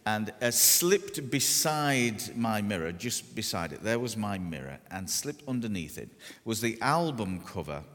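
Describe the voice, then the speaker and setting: A man preaching a sermon, telling stories with self-deprecating humour and deliberate pauses. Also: lowish voice, fairly bright tone. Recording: long hall reverb.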